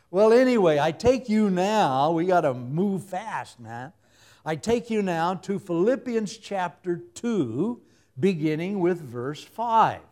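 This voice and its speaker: A man with a somewhat high, darkish voice gives a humorous sermon. He keeps things light with jokey stories and his own sound effects, often laughing along with the congregation.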